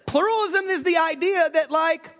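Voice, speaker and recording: A man's voice: very high voice, moderate pace, fairly bright tone. A man from South Carolina, preaching a sermon to a church congregation with humorous storytelling. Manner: humorous storytelling, acts out quotes. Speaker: pastor. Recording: long reverb of a large hall.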